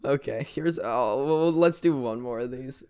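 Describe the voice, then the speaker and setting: A man's voice: medium pitch, measured pace, a little mellow, clear, resonant tone. A young man in casual improv chat, reading out character prompts and laughing often. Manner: giggly, reads prompts aloud. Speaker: improv player.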